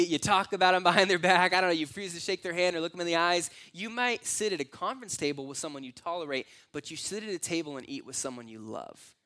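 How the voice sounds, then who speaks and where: A man preaching a sermon in a conversational, animated way, filling his talk with "like" and little acted-out quotes. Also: on the high side. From United States. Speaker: pastor.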